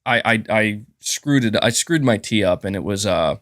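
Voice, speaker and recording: A man's voice: on the low side, lively intonation, moderate pace, a bit bright, dry recording, studio quality. A man hosting a casual gaming livestream, rambling and thanking viewers, with a sore throat. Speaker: gaming channel host.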